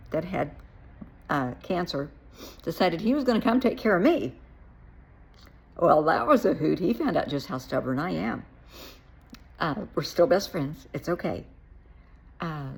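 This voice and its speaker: A woman's voice: sits low, creaky, slightly rough. A woman who works as a therapist, telling her own story in a frank, blunt way with dry asides. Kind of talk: personal storytelling to camera.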